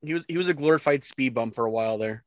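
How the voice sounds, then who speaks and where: A man co-hosting a football talk show, blunt and animated, quick to joke and jab. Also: medium pitch, dry recording. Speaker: sports podcast co-host. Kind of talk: casual sports talk.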